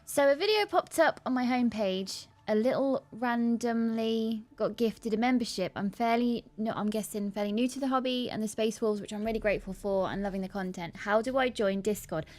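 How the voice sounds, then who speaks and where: A woman co-hosting a casual livestream, chatty and quick to laugh as she reads out viewer comments. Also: fairly high pitch, a little mellow. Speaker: livestream co-host.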